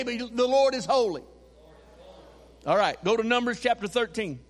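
A man with a strikingly high voice preaches with animated energy, calling on the congregation to answer him. His words ring out in a church sanctuary with a long, lingering reverb. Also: moderate pace, long pauses. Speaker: pastor. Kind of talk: sermon.

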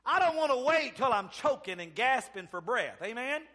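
A male pastor delivers a church sermon in a strikingly high, bright, forceful voice. He peppers his preaching with amens and moves between hushed lines and loud, ringing ones. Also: very animated, moderate pace. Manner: preaching with call-and-response amens, swinging from soft to loud.

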